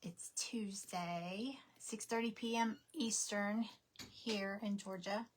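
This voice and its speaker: A woman's voice: medium pitch, steady tone, takes it slowly, a little hiss or hum. A woman hosting a craft livestream, chatting casually and muttering to herself now and then.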